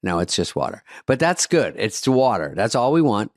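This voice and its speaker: A man in his fifties co-hosting a podcast, telling stories in a dry, deadpan comedic way. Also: fairly low pitch, moderate pace, dry recording. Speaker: podcast co-host. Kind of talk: casual comedic chat.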